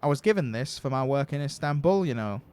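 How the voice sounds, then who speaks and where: A man voicing a gruff, irritable but kind woman mechanic in a game, with a put-on Yorkshire accent and a loud, blunt, grumbling manner. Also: medium pitch, expressive, fast, natural voice. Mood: chatty.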